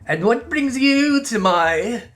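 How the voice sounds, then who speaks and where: A man voicing a pompous, high-voiced gourmand master who talks in florid, grandiose phrases. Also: expressive, slow, fairly bright tone, faint music behind, exaggerated voice.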